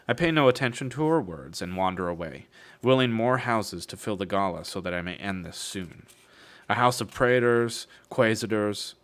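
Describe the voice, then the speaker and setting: Low-ish guy reading a novel on stream, wry, cusses and jokes between bits. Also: animated, normal speed, a bit bright. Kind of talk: casual book reading with asides.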